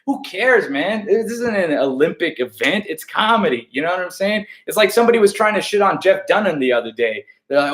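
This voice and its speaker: American comic guy ranting loose and sweary, slightly high voice, roomy echo. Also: a little fast, hardly any pauses. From United States. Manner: profane, animated, rambling with restarts. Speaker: stand-up comedian. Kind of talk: casual backstage interview chat.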